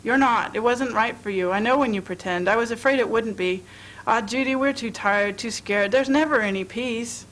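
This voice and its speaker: A woman's voice: normal speed, fairly bright tone, close to an everyday voice, low-quality recording. A woman reading aloud and voicing a weary, worried young man who speaks earnestly. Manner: low-key, earnest, worried.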